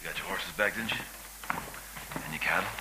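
An actor as a gruff whispering outlaw. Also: male voice, brisk, natural voice. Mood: dry, taunting. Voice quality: low, breathy half-whisper. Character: gruff, cool-headed male outlaw. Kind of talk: western film dialogue. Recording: film clip with loud background noise.

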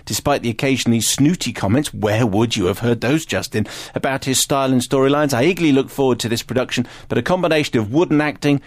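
Male radio host, fast and dry, reading listener mail. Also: mid-range voice, dry recording.

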